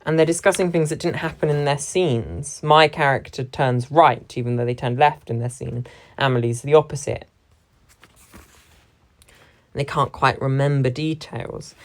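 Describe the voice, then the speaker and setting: With an extremely low-pitched voice, a young woman who performs in drama talks reflectively about dividing a stage scene among actors. Her approach is analytical, and she emphasizes key words whenever she quotes a line.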